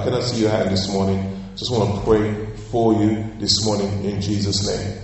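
A man preaching a sermon as pastor, emphatic and calling out for responses, drawing key phrases out slowly and repeating them. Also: lowish voice, little pitch movement, vocal fry, distant mic, slight background noise. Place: church sanctuary. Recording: echoey church hall, voice from afar.

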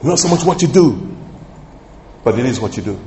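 A male pastor preaching a sermon with emphatic, sometimes loud outbursts. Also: mid-range voice, expressive, normal speed, slight background noise. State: coughing, slightly hoarse. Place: large church hall. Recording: echoey hall, heard from far off.

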